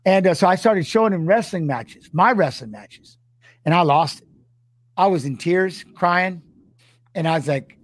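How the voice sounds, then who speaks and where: A middle-aged man telling an emotional story, halting and repeating himself, close to tears. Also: high-pitched, animated, no echo. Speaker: former fighter and guest.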